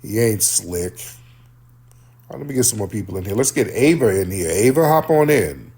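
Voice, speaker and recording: A man's voice: fairly low pitch, lively intonation, normal speed, darkish tone, breathy edge. A man hosting a heated live-stream call-in debate, blunt and combative, talking over his callers. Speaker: livestream host.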